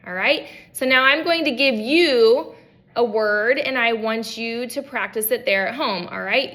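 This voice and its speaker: A young adult woman, a speech language pathologist, leading an at-home practice lesson and modeling words slowly and clearly for children. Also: a little high, fairly bright tone.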